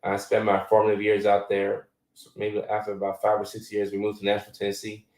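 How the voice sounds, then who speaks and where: A man's voice: lowish voice, completely flat delivery, brisk, darkish tone, roomy sound, distant mic, low-quality recording. A man in his thirties, born in Ghana, hosting a casual live chat and answering viewer questions in a loose, filler-heavy way. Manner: loose and conversational, many fillers.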